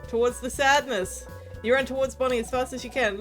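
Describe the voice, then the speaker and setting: A woman's voice: sits high, steady tone, a little fast, a bit bright, faint music behind. A woman streaming a game, casually chatting and reading the story text aloud. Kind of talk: casual let's-play narration.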